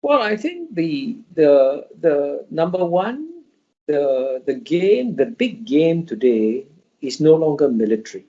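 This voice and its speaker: A man's voice: on the high side, very animated, slow, warm tone. Lecturing man on dull, muffled audio. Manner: emphatic, lecturing, many restarts. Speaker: interview guest. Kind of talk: interview answers.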